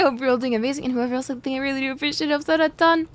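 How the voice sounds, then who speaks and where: Talking at a racing pace in a high, fairly even voice, a young woman chats casually with her stream while gaming, greeting viewers again and again with a cough drop muffling her words a bit.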